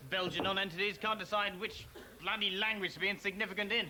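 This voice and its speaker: An actor playing a rude, bigoted ex-British ambassador in a TV comedy sketch, blustering out insults. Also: male voice, high voice, fairly even intonation, quick pace, bright, forceful tone. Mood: sneering. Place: TV studio with live audience. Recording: studio audience laughter.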